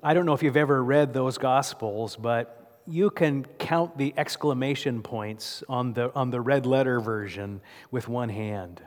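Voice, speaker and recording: In a church sanctuary with long reverb, a male pastor preaches a sermon in a medium-pitched, unhurried voice. He tells the story vividly and keeps putting rhetorical questions to the congregation.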